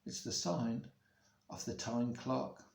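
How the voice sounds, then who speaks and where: Speaking with vocal fry in a mid-range voice, a male music teacher reads a story to schoolchildren, going slowly and dramatizing the sounds for them. He's in a room at home beside a main road with the window open, and the space gives a roomy echo.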